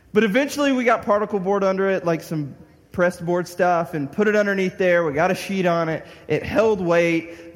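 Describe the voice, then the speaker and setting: A young man telling a story as a sermon, acting out his own frustration with bursts of shouting. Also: sits high. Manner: animated, acts out his own anger with shouts. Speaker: pastor. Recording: long hall reverb.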